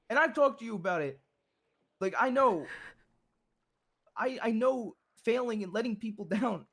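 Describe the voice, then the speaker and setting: A man's voice: sits high, a bit bright, husky, exaggerated voice. A man playing a blunt, devoted husband who pleads earnestly and repeats himself as he comforts his wife in a game role-play. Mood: reassuring.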